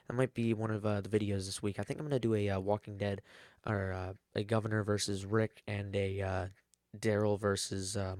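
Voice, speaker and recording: A man's voice: lowish voice, dry recording, clean studio sound. A man giving a rambling, casual episode recap, full of fillers and self-corrections. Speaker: TV episode reviewer.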